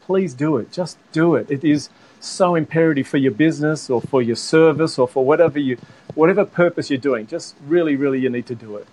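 Excitable Australian man, high-pitched. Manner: enthusiastic, emphatic, quick bursts of laughter. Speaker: livestreamer guest. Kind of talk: casual panel chat.

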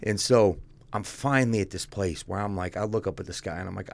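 A man's voice: sits low, brisk, vocal fry, hardly any pauses, slight background noise. A man telling his own story as a guest, speaking bluntly and casually and calling the host "dude".

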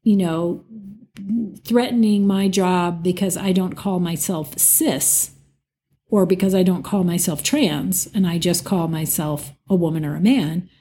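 A woman in casual conversation, talking earnestly with quick hesitant restarts. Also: lowish voice, mellow. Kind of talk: casual chat.

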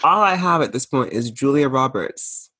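A man's voice: mid-range voice, lively intonation, moderate pace, pushed and bright, husky, no echo. A man co-hosting a casual pop-culture chat, sassy and emphatic with campy asides. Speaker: podcast co-host.

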